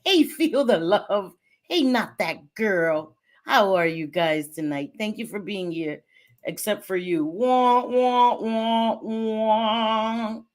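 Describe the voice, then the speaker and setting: Chatty woman livestreamer, low voice. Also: expressive, takes it slowly. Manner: chatty, swings between sass and apologies; mixes in Spanish phrases. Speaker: livestream host. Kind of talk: casual livestream chat.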